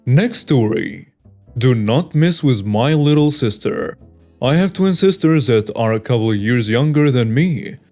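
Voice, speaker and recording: A man narrating online stories in a plain, steady reading voice. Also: mid-range voice, a little slow, faint music behind. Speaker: story narrator.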